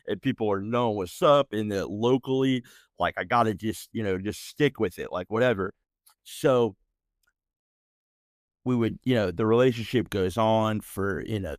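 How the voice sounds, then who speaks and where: American guy in his 30s, podcast host, swears a lot, slangy rambling, lowish voice. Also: no echo, studio quality. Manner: profane, rambling, slangy, mocking outbursts. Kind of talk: casual storytelling monologue.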